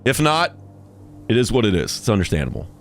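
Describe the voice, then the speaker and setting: A man's voice: fairly low pitch, very animated, brisk, slight background noise. Jokey man rambling on a live stream. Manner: jokey and rambling, laughs often, restarts words. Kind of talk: casual live-stream chat.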